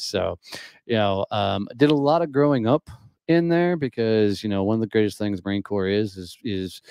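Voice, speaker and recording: A man from Texas telling a story as a podcast guest, in a blunt, profane and animated way. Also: fairly low pitch, clear, resonant tone, dry recording, clean studio sound. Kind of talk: casual storytelling.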